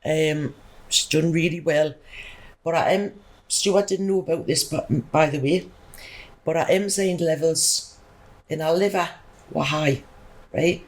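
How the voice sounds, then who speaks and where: A woman's voice: low-pitched, a little slow, pauses often, rough recording. A middle-aged woman, chatting emphatically as a podcast guest and telling a rambling personal story. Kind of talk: casual storytelling.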